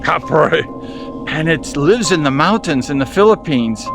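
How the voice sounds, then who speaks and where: Excitable high-voiced man vlogging outdoors. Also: moderate pace. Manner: excitable, animated storyteller. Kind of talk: outdoor vlog storytelling. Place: mountain jungle outdoors. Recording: music playing underneath.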